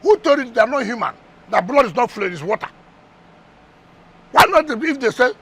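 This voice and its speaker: High-pitched, combative Nigerian man. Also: expressive, brisk, fairly bright tone, slightly rough. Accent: Nigerian English. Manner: combative, fires rhetorical questions, repeats words for emphasis. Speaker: politician guest. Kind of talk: heated TV interview.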